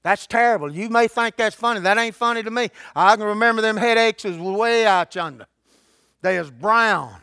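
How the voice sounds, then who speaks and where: High-voiced folksy preacher man. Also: moderate pace, sharp tone, smooth, dry recording, studio quality. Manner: folksy storytelling with colloquial grammar. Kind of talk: sermon testimony.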